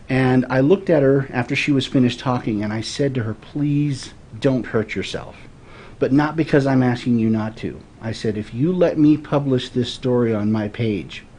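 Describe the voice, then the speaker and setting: A man's voice: medium pitch, mellow. A man in his forties from Florida, a guest telling stories in an earnest, thoughtful way in a casual interview.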